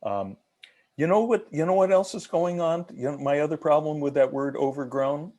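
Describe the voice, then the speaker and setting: A man's voice: fairly high pitch, normal speed, dark tone, dull audio. A man leading an online haiku workshop, asking questions and teaching in a talkative way with many restarts.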